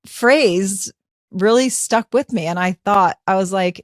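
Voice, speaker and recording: A woman in her fifties hosting a podcast, telling a personal story in an animated, conversational way and acting out her own thoughts. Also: medium pitch, a little slow, no room sound, studio quality. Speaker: podcast host.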